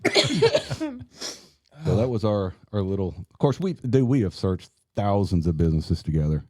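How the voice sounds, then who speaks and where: A man's voice: deep voice, big pitch swings, normal speed, mellow, no room sound, clean studio sound. A middle-aged man, a retired police officer, telling a funny work story in casual chat and laughing as he goes.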